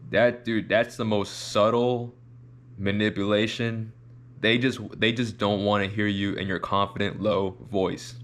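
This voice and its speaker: Low-voiced man riffing on camera. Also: flat delivery, measured pace, fairly bright tone. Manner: rambling, repeats words, demonstrates voices. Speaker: reaction video host. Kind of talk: casual commentary.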